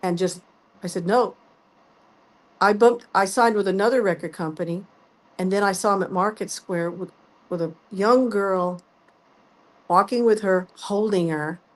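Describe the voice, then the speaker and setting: A woman's voice: mid-range voice, unhurried, long pauses. A woman guest telling her story in a casual interview, acting out both sides of the conversations. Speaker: guest singer.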